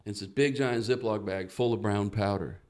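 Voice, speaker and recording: Profane, animated male storyteller. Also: on the low side, normal speed. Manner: profane, animated storyteller who acts out quotes. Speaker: guest comedian. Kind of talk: casual storytelling on a comedy podcast.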